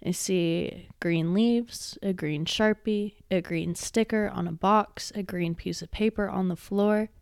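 A woman hosting a personal podcast from her home studio, gently reassuring listeners and guiding them step by step at a studio microphone. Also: medium pitch, steady tone, takes it slowly, gravelly, few pauses, smooth, no echo. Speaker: podcast host. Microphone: studio microphone, wearing headphones.

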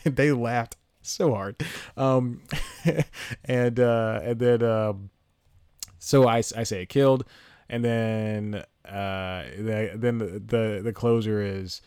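A man hosting his own podcast alone, chatting casually and rambling through stories, laughing at himself and jumping into high-pitched impressions. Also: fairly even intonation, slow, a little mellow, clear, resonant tone, dry recording, studio quality. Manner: rambling, self-mocking, laughs at own jokes; jumps into high-pitched impressions mid-story. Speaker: podcast host. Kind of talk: solo casual podcast chat. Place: home room with TV on. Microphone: home podcast mic, solo at laptop.

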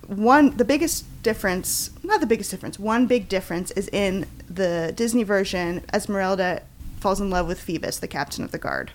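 A woman co-hosting a casual book chat, enthusiastic and quick to read passages aloud. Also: mid-range voice, animated. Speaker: podcast co-host.

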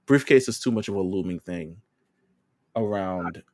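A man co-hosting a podcast, chatting casually in a relaxed, slangy way. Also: low voice, moderate pace. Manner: relaxed, loose with fillers and slang. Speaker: podcast co-host. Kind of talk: casual chat.

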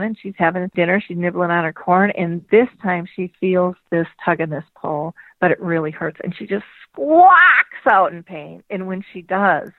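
A woman's voice: fairly low pitch, dry recording. Woman telling a parable over the phone. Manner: warm, measured storytelling with drawn-out phrases. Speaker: dementia advocate, guest. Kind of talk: storytelling parable. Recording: dry tinny phone-line sound.

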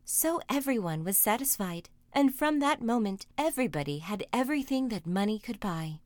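Lady reading a fairy tale, dramatic and lively, dry close mic. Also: a little high, moderate pace, dry recording. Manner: expressive, dramatic. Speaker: storyteller. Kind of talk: storybook reading.

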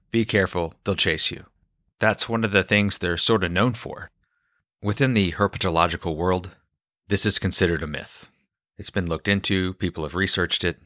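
A man calmly telling a personal story, quoting the people he met along the way. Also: low-pitched, no room sound, studio quality. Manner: calm, reflective storyteller.

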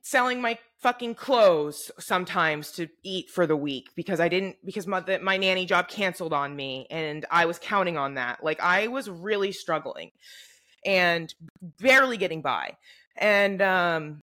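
A young woman co-hosting a podcast, telling a story in a casual, animated, profane way and acting out what people said. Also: fairly low pitch, a little slow. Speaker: podcast co-host. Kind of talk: casual chat.

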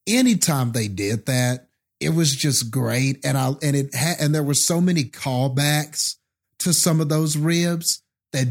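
Podcast co-host, man, excited, filler-heavy film chat. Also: mid-range voice. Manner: enthusiastic, filler-heavy, chuckling. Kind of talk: casual movie review chat.

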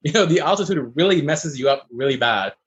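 A man who is a chef, chatting casually as a guest and telling stories in a fast, animated way. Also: a little high, husky, dull audio. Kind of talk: casual chat.

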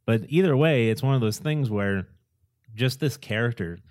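A man's voice: mid-range voice, moderate pace, darkish tone, no room sound, clean studio sound. A man co-hosting a casual chat, rambling with enthusiasm and acting out film quotes. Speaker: podcast co-host.

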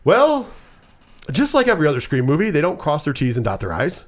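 A man's voice: fairly high pitch, huge pitch swings, a little fast. Profane, rambling man recapping a movie. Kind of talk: casual movie recap chat.

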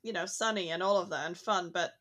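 A woman's voice: fairly low pitch, fast talker, fairly bright tone. A woman chatting casually and thoughtfully, laughing easily as she talks. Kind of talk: casual chat.

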